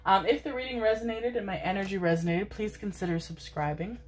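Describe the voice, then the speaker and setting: A woman's voice: mid-range voice, fast talker. A woman giving a casual tarot reading to the camera, affectionate and rambling, calling her viewers "my babies". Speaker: tarot reader. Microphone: desk microphone, seated in a chair.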